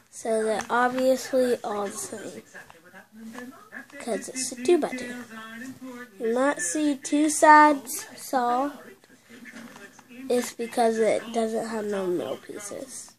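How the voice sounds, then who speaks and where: Slow-talking chatty woman showing toys. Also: a little high, low-quality recording. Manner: chatty, excitable, stop-start with many self-corrections. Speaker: video host. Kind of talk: casual unboxing and demo video.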